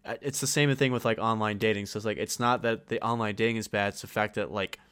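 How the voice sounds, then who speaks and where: Smooth low-voiced young man, laughing. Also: fairly even intonation, fast, a bit bright. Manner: laughs often, curses freely. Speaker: podcast co-host. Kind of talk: casual chat.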